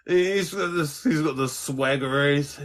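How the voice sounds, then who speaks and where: A man's voice: on the high side, measured pace, a little hiss or hum. A New man chatting casually as a guest, laughing often and quoting film lines. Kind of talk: casual chat.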